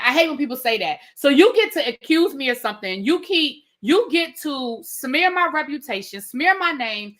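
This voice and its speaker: A woman reviewing reality TV live, talking straight to her chat in an indignant, animated way. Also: sits high, moderate pace, few pauses. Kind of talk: live-stream rant.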